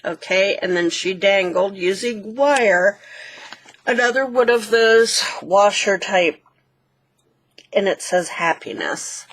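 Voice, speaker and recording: A woman hosting a craft channel, gently walking through a handmade book page by page and pointing out details. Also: medium pitch, takes it slowly. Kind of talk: casual show-and-tell walkthrough.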